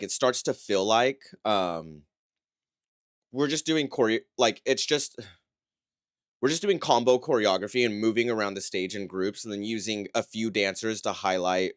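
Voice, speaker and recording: A man giving a casual, conversational livestream breakdown of dance routines, critical but encouraging and often checking in with a quick "right?". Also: lowish voice, animated, no room sound, studio quality. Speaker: dance competition analyst.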